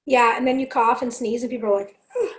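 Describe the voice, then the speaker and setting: A woman with a raspy voice, a singer guesting on a podcast, telling stories excitedly and swearing freely. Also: on the high side, fast. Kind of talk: casual chat.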